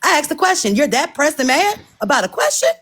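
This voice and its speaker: Lively, expressive woman telling a story. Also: high-pitched, quick pace, slight background noise. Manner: animated, profane storytelling full of quoted dialogue. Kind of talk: casual livestream storytelling.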